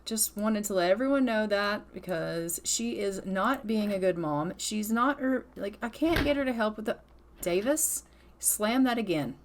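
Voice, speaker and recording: A woman's voice: mid-range voice, animated, unhurried, a little hiss or hum. A woman hosting a casual let's-play, exasperated and scolding her game characters, and speaking their thoughts aloud for them. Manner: voices characters' thoughts in quotes. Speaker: gaming channel host.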